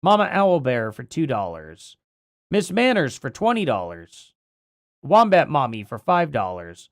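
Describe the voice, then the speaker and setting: Hoarse-edged livestream host, lively and rambling. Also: medium pitch, a little slow, no room sound, clean studio sound. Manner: rambling, thinks aloud while reading. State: voice starting to go. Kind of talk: casual livestream commentary.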